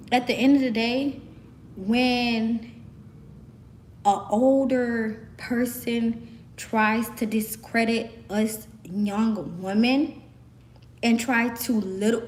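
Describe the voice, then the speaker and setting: A young woman from the American South with a Southern accent, hoarse from screaming, ranting sassily and emphatically to camera. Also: a little high, darkish tone. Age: young adult. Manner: sassy, emphatic, repeats herself. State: hoarse, voice worn out. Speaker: vlogger.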